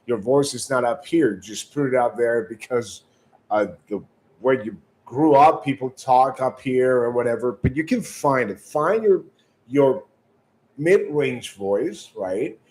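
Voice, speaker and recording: A man's mid-range, expressive voice comes across a little mellow and at a measured pace, though the recording is low quality. As a sales trainer, he gives direct coaching advice to sales callers, often repeating words clumsily and asking "right?".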